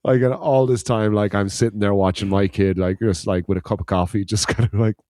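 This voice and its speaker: A man's voice: on the low side, steady tone, brisk, a little mellow, no echo, studio quality. A man from Ireland, a podcast co-host, telling a rambling anecdote in casual chat, laughing and swearing as he goes.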